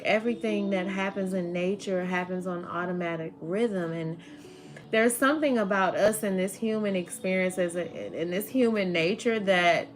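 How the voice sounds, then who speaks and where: Slow, rambling woman reading tarot. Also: fairly low pitch. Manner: rambling, emotional, says "like" often. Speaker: tarot reader. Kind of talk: spiritual tarot reading to viewers.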